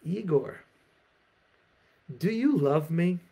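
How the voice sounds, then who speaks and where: A man's voice: high voice, expressive, very slow, dark tone, pitched above the performer's own voice, exaggerated voice. A man voicing a drunk male Russian peasant who pleads with his friend about love. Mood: questioning.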